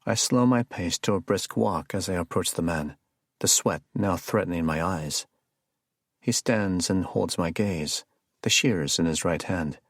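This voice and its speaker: A man narrating a first-person suspense audiobook in a measured storytelling delivery. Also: low voice, no room sound, clean studio sound.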